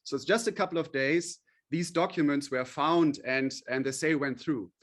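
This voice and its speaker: A man's voice: fairly high pitch, normal speed. A man, a company chief executive, guest on a radio interview, explaining at length in a friendly way with frequent fillers.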